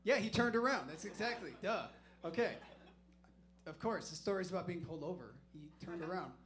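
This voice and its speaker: A man's voice: high-pitched, animated, fairly quick, a bit bright. A man doing stand-up comedy, telling a story in a loose, profane, self-mocking way on a comedy club stage.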